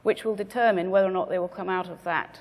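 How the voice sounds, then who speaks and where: A woman speaker giving a measured business presentation to a conference audience, stressing her key words. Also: fairly low pitch, steady tone, in a large hall. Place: conference venue.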